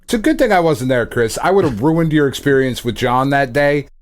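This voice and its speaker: A man's voice: medium pitch, expressive, fairly quick. Man, podcast co-host, blunt, profane, casual chat.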